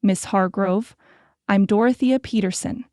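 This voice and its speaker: A woman's voice: medium pitch, measured pace, darkish tone, no room sound, studio quality, close to an everyday voice. A woman voicing a prim, meddling middle-aged shopkeeper's wife who talks with false concern in an audiobook.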